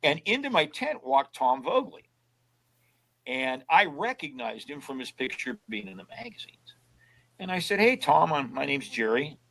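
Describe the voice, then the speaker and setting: A man's voice: a little high, sing-song, normal speed, gravelly, fairly bright tone, low-quality recording. Folksy older man telling stories. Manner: folksy storyteller who acts out both sides of past conversations. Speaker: guest. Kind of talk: casual storytelling interview.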